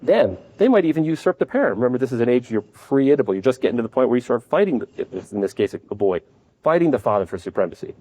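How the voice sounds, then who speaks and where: Fast-talking male psychiatrist lecturing. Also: mid-range voice, very animated, mellow. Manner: conversational, explains with acted-out examples. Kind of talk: conference lecture. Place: conference at a hotel.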